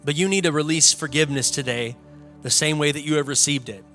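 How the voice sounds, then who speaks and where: A man's voice: a little high, fast, sharp tone, faint music behind. A young adult man, a pastor preaching an earnest, conversational sermon in a church, building to emphatic peaks. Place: church sanctuary.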